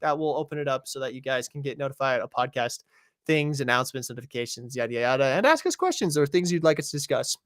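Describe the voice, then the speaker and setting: A man's voice: medium pitch, animated, fast talker, no room sound, clean studio sound. A young man hosting a podcast in casual chat, rambling and poking fun at himself. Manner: rambling, self-deprecating. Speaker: podcast host.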